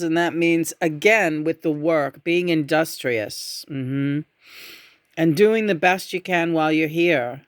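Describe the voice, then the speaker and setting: A woman giving a casual tarot reading in a musing, meandering way, often humming softly between thoughts. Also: sits low, no echo, studio quality. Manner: meandering, musing, with frequent murmured hums. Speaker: tarot reader.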